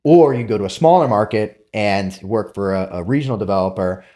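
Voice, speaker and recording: A middle-aged man, a former military officer, talking casually as a podcast guest and animatedly telling stories with quick asides. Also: lowish voice, warm tone. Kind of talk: casual interview storytelling.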